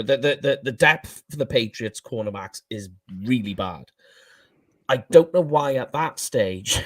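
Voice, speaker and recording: A man with a Welsh accent co-hosting a casual sports podcast, animated and quick to laugh at his own slips. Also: mid-range voice, no echo. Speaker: co-host.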